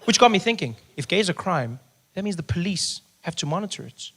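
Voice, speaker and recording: A man from Africa, telling stand-up stories in an animated way and acting out the people he meets. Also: high-pitched, fairly quick. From South Africa. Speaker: stand-up comedian. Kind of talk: stand-up comedy storytelling.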